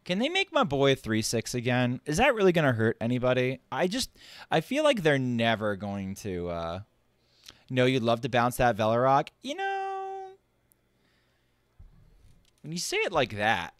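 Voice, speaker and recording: A man's voice: mid-range voice, huge pitch swings, a little slow, no room sound. A man streaming a card game, thinking aloud and joking as he plays. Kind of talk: casual gameplay commentary.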